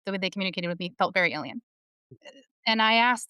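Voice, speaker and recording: A woman's voice: fairly low pitch, racing, clear, resonant tone, dry recording, clean studio sound. Candid, swearing woman in casual talk. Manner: candid, profane, animated storytelling. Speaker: panel speaker. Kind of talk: casual discussion.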